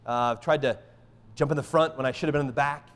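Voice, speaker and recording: A middle-aged man preaching a sermon in an animated, emphatic way, often checking in with the congregation by asking "right?". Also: mid-range voice, quick pace, in a large hall. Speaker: pastor.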